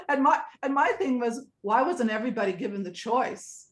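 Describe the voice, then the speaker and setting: A woman's voice: on the high side, normal speed. A woman in her sixties, a guest telling stories in a chatty, rambling way and laughing often. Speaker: interview guest. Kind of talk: casual storytelling. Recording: echoey room.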